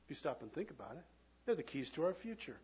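A man preaching a sermon as pastor, swinging from loud, emphatic lines to hushed, near-whispered ones. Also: on the high side, big pitch swings, fast, husky, highs cut off.

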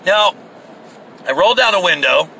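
A man telling a rambling, profane story in a casual, animated way, seated inside a vehicle. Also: sits high, moderate pace, gravelly, slight background noise.

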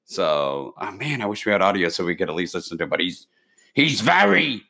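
A man's voice: low-pitched, a little fast, gravelly. A man co-hosting a podcast, talking in a playful, jokey casual chat. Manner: playful, jokey, lively delivery. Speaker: podcast co-host.

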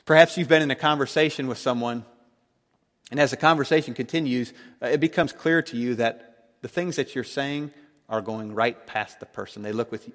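A man preaching a sermon, emphatic, swinging between loud declarations and hushed tones. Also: mid-range voice, in a large hall.

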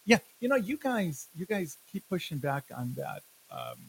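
A man co-hosting a casual sports podcast, talking in animated, jokey rants and laughing often. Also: on the high side, moderate pace, vocal fry, husky, rough recording. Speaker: podcast co-host.

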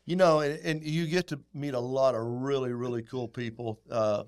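A middle-aged man, a guest telling folksy, animated stories in casual chat. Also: mid-range voice, normal speed, smooth. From Texas. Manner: folksy, animated, acts out quotes. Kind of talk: casual storytelling.

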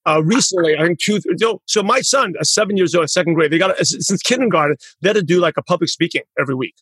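Podcast host, male, husky and quick, rambling chat. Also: high voice, fairly bright tone, no echo. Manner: rambling, self-correcting, proud father. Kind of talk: casual interview chat.

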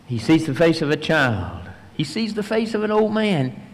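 A male pastor preaches in a sanctuary, and his voice carries a long reverb through the hall. He speaks a little high for a man and tells the story vividly, acting out the voices of its people. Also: big pitch swings, normal speed. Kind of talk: sermon.

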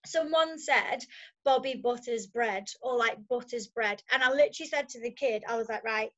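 Giggly high-voiced young woman. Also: fairly bright tone. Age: 20s. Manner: giggly, chatty. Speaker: guest, supply teacher. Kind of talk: casual chat. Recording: dull lo-fi sound.

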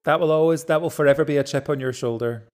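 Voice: mid-range voice, darkish tone. Playful enthusiastic Scottish co-host. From Scotland. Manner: enthusiastic, playful, quick to tease. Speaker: podcast co-host and actor. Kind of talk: casual chat.

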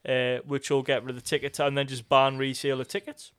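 A man's voice: medium pitch, level tone, fast, fairly bright tone, smooth, no room sound, studio quality. A man with a Geordie accent co-hosting a podcast, chatting casually with joking, sweary, rambling banter. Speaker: podcast co-host. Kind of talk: casual chat.

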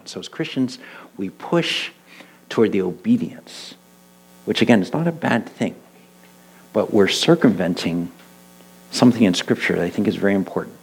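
A middle-aged man and church elder preaching a conversational sermon, telling stories with lively quoted voices. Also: on the low side, brisk, gravelly, husky, rough recording. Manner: animated storytelling, voicing quoted people. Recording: mains hum in the background.

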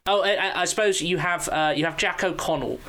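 A man on a casual film podcast who talks haltingly, often searching for words. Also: high-pitched, bright, forceful tone. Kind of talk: casual film review chat. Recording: faint hiss.

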